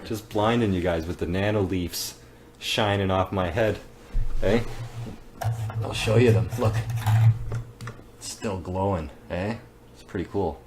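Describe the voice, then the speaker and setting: Male vlog host, low voice, easygoing rambling chat. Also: a little slow, pauses often, a little hiss or hum, low-quality recording. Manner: rambling, tags lines with "eh?" and "right?". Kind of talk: casual on-camera chat.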